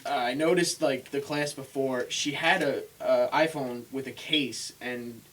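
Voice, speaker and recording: A man's voice: medium pitch, steady tone, unhurried, a bit bright. A young man on a casual podcast, telling a long rambling story full of filler words. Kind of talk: casual chat among friends. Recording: distant mic with faint hiss.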